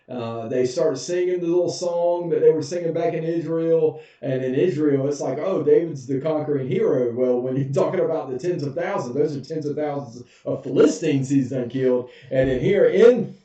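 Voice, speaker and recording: A man's voice: on the high side, mellow. A man, a pastor giving a casual, humorous Bible study in a church sanctuary. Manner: folksy, humorous, chuckles often. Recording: echoey, dull, far from mic.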